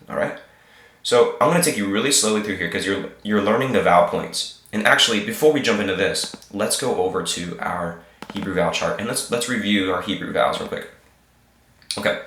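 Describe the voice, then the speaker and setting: A man with a very low voice walks learners through a reading lesson at his computer. He goes slowly and patiently, repeating every sound. The room adds a noticeable echo. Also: a bit bright. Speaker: Hebrew teacher. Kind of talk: screen-share reading lesson. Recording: roomy echo.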